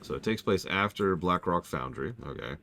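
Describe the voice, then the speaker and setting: Low gravelly-voiced male streamer. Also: lively intonation, normal speed, very noisy. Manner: chatty, repeats himself while multitasking. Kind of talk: live game stream commentary.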